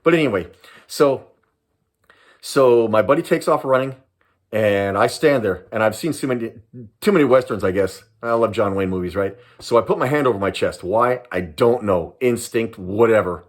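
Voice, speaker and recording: Older man, lowish voice, animated storyteller, acts out the voices. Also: moderate pace. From Southern California. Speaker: retired police sergeant and private investigator. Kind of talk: personal storytelling to camera.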